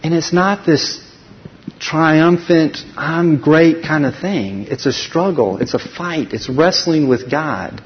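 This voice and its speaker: A man speaking at a conference, telling a personal faith story with lively acted dialogue and frequent restarts. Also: a little high, slow. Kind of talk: personal testimony talk. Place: large conference hall. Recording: dull recording in a reverberant hall.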